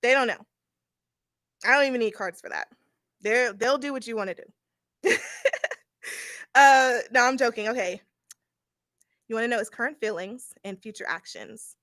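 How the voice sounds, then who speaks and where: A woman's voice: on the high side, normal speed, long pauses, fairly bright tone, no echo, studio quality. A young woman giving a casual live-stream tarot reading, blunt and laughing often, with occasional swearing. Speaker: tarot reader.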